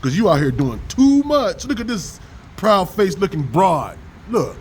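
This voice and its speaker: Profane man preaching in a high, lively voice. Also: measured pace, slight background noise, rough recording. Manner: profane, preachy and rambling, with slang. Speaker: vlogger preaching on scripture. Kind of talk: casual religious rant with scripture reading.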